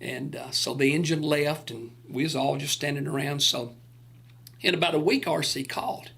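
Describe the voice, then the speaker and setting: Gravelly older man telling a story. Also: on the high side, normal speed, a bit bright. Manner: folksy, earnest storyteller acting out quoted voices. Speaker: gospel singer recalling touring days. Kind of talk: casual radio storytelling.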